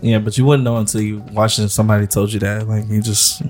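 A man guesting on a podcast, talking in a relaxed, teasing way. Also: on the low side, quick pace, faint music behind. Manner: laid-back, teasing, says "you know what I'm saying". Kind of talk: casual chat.

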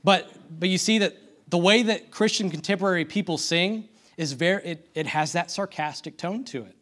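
A man's voice: high voice, moderate pace, a bit bright. A man giving a conversational sermon, full of restarts and self-deprecating asides, asking the congregation for amens. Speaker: church speaker.

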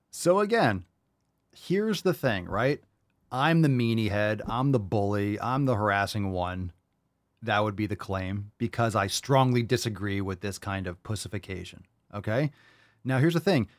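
A man's voice: lowish voice, no room sound, clean studio sound. Brash, profane male podcast host. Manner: animated, rhetorical questions. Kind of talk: blunt podcast commentary.

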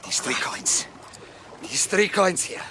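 An actor playing a desperate but commanding castaway in a lifeboat in an old radio drama, insisting things be done fairly. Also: male voice, high voice, very animated, slow pace, bright, forceful tone, whispered, heavily acted. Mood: stern. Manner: commanding, strained, insists on fairness. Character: stern, desperate male castaway keeping order. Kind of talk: vintage radio drama acting. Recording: hissy old radio recording.

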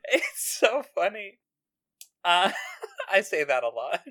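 A woman's voice: on the low side, very animated, slow, long pauses, fairly bright tone. Woman co-host, casual recap chat, laughs through her retelling. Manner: giggly, laughs often while retelling scenes. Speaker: podcast co-host.

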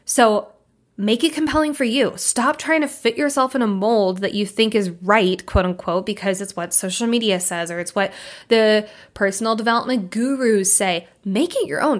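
A woman's voice: mid-range voice, a bit bright. A young adult woman life coach hosting a podcast, talking candidly and emphatically in a casual monologue, with the odd curse word.

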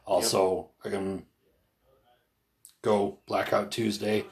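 A man's voice: lowish voice, slow pace, creaky. A man co-hosting a casual podcast conversation, earnest and hesitant, with many fillers and restarts. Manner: earnest, retells others with raised animated voice. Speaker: podcast co-host.

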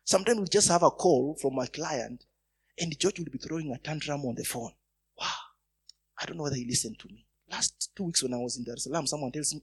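Male preacher, husky and slightly high-pitched, storytelling sermon with emphatic swells. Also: quick pace. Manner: storytelling, rising to emphatic bursts. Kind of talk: sermon with personal stories.

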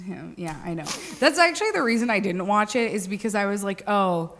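A woman's voice: medium pitch, animated, fast talker, a bit bright. A young woman co-hosting a podcast in casual chat, talkative, laughing often and swearing casually. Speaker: podcast co-host.

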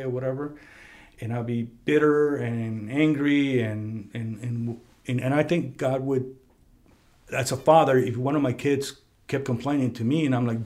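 A man hosting a casual talk, telling a personal story in a conference room, lively when he quotes other people. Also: mid-range voice, moderate pace. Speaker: podcast host. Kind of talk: casual conversation. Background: heater running.

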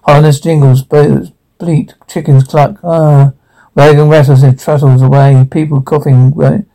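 A man's voice: a little high, level tone, unhurried, warm tone, low-quality recording. A man reading out short sound cues in a terse, clipped manner.

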